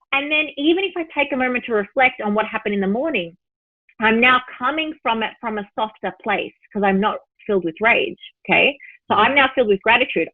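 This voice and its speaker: A woman spiritual teacher, a podcast guest, telling an example story in a lively way and voicing her own thoughts. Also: a little high, no echo. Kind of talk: podcast interview. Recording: tinny phone-line sound, dry.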